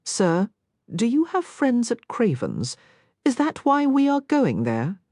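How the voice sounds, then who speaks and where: Brief: woman playing a polite, curious young lady writer, lively lilting voice, dry sound. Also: on the high side, slow, no echo, pitched above the performer's own voice, exaggerated voice. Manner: polite, eager.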